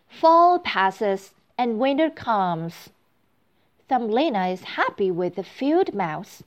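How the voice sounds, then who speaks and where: A woman reading a children's storybook aloud in a slow, clear, expressive way. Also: medium pitch, muffled recording.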